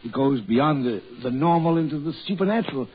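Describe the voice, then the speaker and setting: An actor in 1940s radio drama playing a fussy middle-aged family doctor who soothes and lectures. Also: male voice, a little high, animated, fairly quick. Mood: eager. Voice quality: soothing yet fussy, very husky. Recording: muffled old radio recording.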